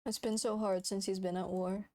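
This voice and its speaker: A woman's voice: medium pitch, flat delivery, moderate pace, a little mellow, a little hiss or hum. A young woman chatting on a livestream as a VTuber, frantic, swearing and giggling often. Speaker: VTuber streamer. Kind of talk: casual livestream chat.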